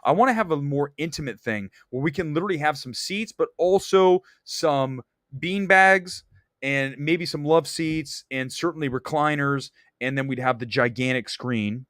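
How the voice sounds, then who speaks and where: Male show host, animated movie-talk rant, dry close sound. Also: on the high side, normal speed, dry recording. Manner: animated, enthusiastic ranting with swearing. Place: Los Angeles area.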